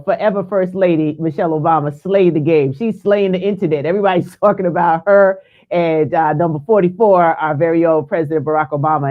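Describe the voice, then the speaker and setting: A panelist on a casual political talk show who speaks with enthusiasm and emphasis. The voice comes through a tinny, phone-like line. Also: mid-range voice.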